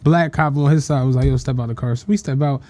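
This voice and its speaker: A man from Philadelphia telling a story on a casual podcast, profane and animated. He acts out every quote, and his voice jumps high when he laughs. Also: fast talker, no echo. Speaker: podcast co-host.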